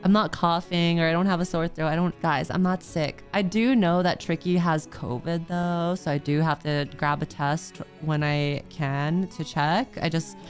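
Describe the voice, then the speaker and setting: Woman, streamer, casual rambling chat, lots of giggles, slightly low voice. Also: steady tone, moderate pace, hardly any pauses, soft background music. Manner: rambling, giggly, heavy use of "like".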